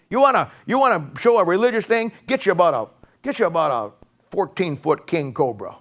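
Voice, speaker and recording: An older man in his sixties preaches in a folksy, conversational way, his voice sitting a little higher than most men's. He jokes as he goes and rambles through his stories, often stopping and restarting mid-sentence. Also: sing-song, normal speed, a bit bright. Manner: joking, rambling storyteller with frequent restarts.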